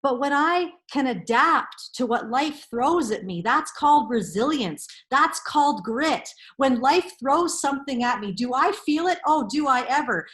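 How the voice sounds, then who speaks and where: Brief: middle-aged woman, parenting counsellor, higher-pitched voice, earnest and emphatic motivational delivery. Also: lively intonation, unhurried, hardly any pauses, fairly bright tone. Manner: earnest, emphatic, repeats key phrases.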